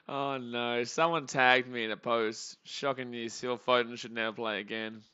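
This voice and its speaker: A young Australian man hosting a live baseball reaction stream, joking with chat and calling pitches, swinging from muttering to shouting. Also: clear, resonant tone, dull audio. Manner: excitable, jokey, swings between muttering and shouting.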